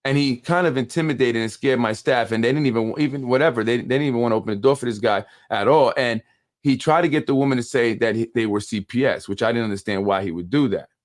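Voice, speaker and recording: A man from New York hosts a live call-in politics show and recounts a run-in at length. He tells it with lively energy, acting out other people's lines and stumbling over repeated words when he gets heated. His voice sits at an ordinary middle pitch. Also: fast talker. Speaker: host of a local politics show.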